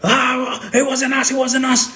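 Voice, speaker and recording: A man voicing a panicked, tied-up man who shouts and pleads that he is innocent. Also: little pitch movement, a little slow, heavily acted. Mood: desperate pleading. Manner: high frantic shouting.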